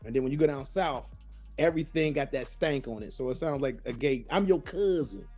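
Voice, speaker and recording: Male host, casual storyteller who swears and does the voices; warm tone, light music bed. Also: mid-range voice, a little fast. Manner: storytelling, swears freely, acts out quotes. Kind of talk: casual chat.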